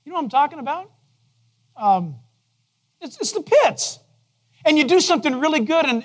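A man preaching a sermon to his congregation in a conversational way, asking them questions and dropping to a soft, low voice for gentle moments. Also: very animated, a little fast, long pauses. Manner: drops to a soft, low voice to quote God gently. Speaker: pastor. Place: church.

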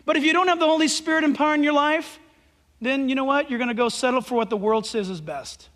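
A male pastor preaching a sermon, emphatic and swinging between loud declarations and hushed asides. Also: extremely high pitch, quick pace. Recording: long hall reverb.

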